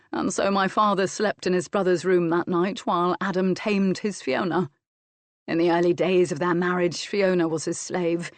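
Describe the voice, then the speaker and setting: A woman's voice: on the low side, no room sound, close to an everyday voice. A woman voicing a stern but fond Scottish earl scolding his wife, in an audiobook. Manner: firm, scolding, then teasing.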